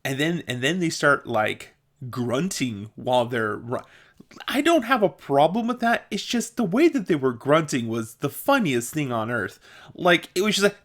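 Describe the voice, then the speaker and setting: A man's voice: a little high, very animated, moderate pace, a bit bright. A young man vlogging, telling casual stories in a chatty way, swearing now and then and often breaking into laughter. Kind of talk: casual storytelling monologue.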